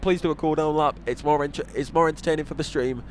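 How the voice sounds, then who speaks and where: A man's voice: fairly high pitch, fairly even intonation, quick pace, slight background noise. A young man with a northern English accent giving casual, rambling commentary on a sim racing series, with self-deprecating asides. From northern England. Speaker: race commentator.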